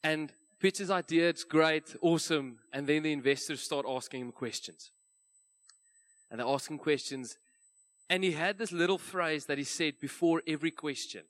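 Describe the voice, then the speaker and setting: Casting: South African male pastor, slightly higher voice, chatty sermon storyteller in a church. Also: moderate pace, a bit bright. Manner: conversational storytelling, light laughs.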